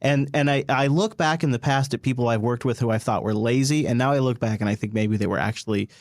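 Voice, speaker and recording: A man's voice: mid-range voice, quick pace, dry recording, clean studio sound. Earnest man giving plain advice. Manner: earnest, reflective, occasional swearing. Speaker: podcast co-host. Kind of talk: casual chat, giving advice.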